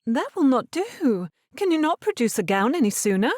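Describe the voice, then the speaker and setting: A woman's voice: high voice, big pitch swings, normal speed, a little mellow, no room sound, clean studio sound, pitched above the performer's own voice. A woman narrator voicing a stern, controlling middle-aged mother in an audiobook, speaking in an imperious, clipped manner. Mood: anxious, insistent.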